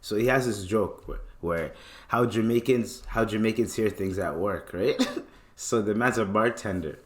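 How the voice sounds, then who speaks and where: A man's voice: on the low side, normal speed, reverberant. A man with a Toronto accent hosting a podcast, rambling in casual chat and laughing often. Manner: laughs a lot, slangy and rambling. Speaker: podcast host.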